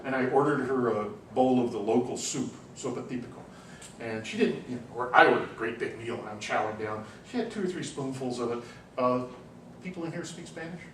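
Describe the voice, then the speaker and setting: A man giving a university class lecture, telling anecdotes in an animated, chatty way with frequent "you know"s. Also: medium pitch, fairly quick. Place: lecture room. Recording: roomy classroom, distant mic, faint hum.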